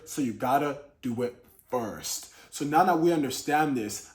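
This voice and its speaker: Earnest man coaching viewers on relationships. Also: fairly high pitch. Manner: demonstrates tone of voice in examples. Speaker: Christian dating coach. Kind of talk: motivational talk to camera.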